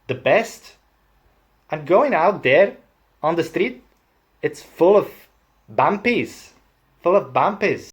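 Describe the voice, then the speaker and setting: Man doing a cross local, high and loud, ranting comic sketch voice. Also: slightly rough, full character voice. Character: grumpy Welsh local man ranting about old people.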